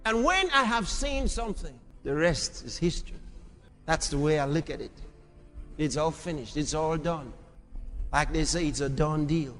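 A man preaching a sermon, moving from quiet storytelling to shouted exhortation. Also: on the high side, animated, moderate pace, big-room sound, soft background music.

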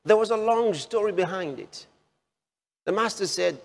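A man preaching a sermon, slow and repetitive, with emphatic rises on key phrases. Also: high voice, expressive, gravelly. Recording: long hall reverb.

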